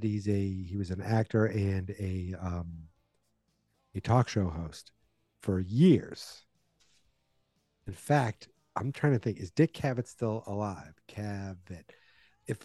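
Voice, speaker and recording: A man's voice: fairly low pitch, a little slow, mellow, no echo. A man in his forties, a podcast host casually retelling a movie plot with wry asides.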